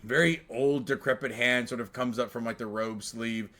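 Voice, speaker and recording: A man's voice: mid-range voice, fairly even intonation, moderate pace, sharp tone. A man narrating a tabletop game as game master, rambling and full of fillers.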